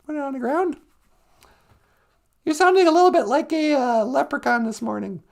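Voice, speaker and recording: A woman hosting a comic live stream, mock-earnest and sarcastic, who slips into solemn-sounding mock prayers. Her voice sits high and has a gravelly, fried edge. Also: normal speed, a little mellow. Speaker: host.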